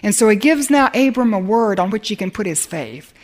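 A woman's voice: medium pitch, lively intonation, brisk. Earnest woman Bible teacher. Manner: earnest and emphatic, dropping to a hush at times. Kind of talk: sermon.

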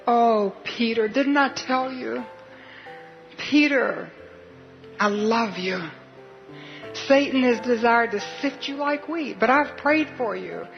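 Jesus, as a woman preacher voices him, tender and slow. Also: a little high, vocal fry, lo-fi sound, soft background music. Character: Jesus, a tender loving man.

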